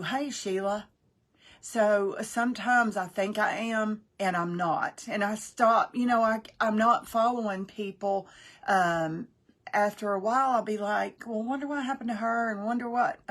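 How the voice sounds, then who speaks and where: A woman's voice: mid-range voice, unhurried. A woman hosting a craft livestream, chatting casually and greeting viewers by name. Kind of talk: casual live-stream chat.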